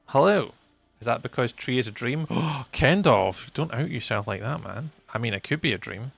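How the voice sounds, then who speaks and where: A young Scottish man chatting casually with viewers on a live game stream, playful and reading chat out loud. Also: medium pitch, animated, moderate pace, gravelly, husky, soft background music.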